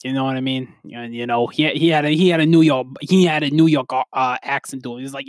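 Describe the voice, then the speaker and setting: A young man hosting a casual solo podcast, rambling through a story with laughs and quick restarts. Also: medium pitch, steady tone, dry recording, studio quality. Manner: rambling, laughing, quoting others in put-on voices. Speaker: podcast host.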